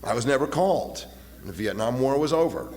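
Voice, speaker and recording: A man in his fifties giving a halting, personal talk at a recovery meeting, often repeating his words and acting out voices as he retells. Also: mid-range voice, very animated. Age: 50s. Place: meeting hall. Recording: long hall reverb, faint hiss.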